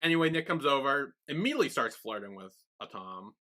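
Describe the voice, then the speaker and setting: A man's voice: medium pitch, big pitch swings, fairly quick, pushed and bright. A man co-hosting a podcast, chatting casually as he recaps a TV episode scene by scene and acts out the characters' lines. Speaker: podcast co-host.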